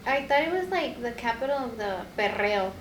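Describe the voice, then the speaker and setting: A woman's voice: a little high, animated, fairly quick, roomy sound, a little hiss or hum, rough recording. A young woman hosting a casual podcast chat, telling a travel story with a lot of laughter. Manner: chatty storyteller, laughs often. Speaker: podcast co-host.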